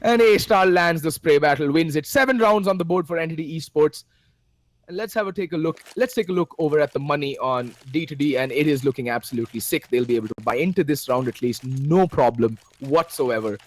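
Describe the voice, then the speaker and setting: A man with an Indian English accent casting a shooter match live, excitable, his pitch leaping at big plays. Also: fairly quick, dry recording. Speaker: esports caster. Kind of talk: play-by-play commentary.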